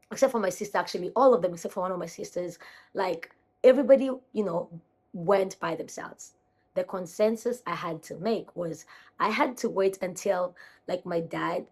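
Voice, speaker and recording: A young woman from Kenya chatting casually into her phone camera at home, rambling and correcting herself as she talks to her viewers. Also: mid-range voice. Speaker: vlogger.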